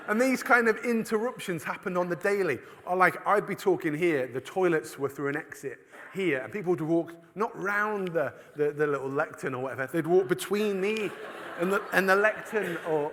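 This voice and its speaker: A man's voice: sits high, a bit bright, a little hiss or hum. A man giving a humorous talk at a conference, telling stories from church life and acting out other people's voices. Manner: storytelling, acts out voices of others. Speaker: preacher. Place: church hall. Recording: long reverb of a large hall.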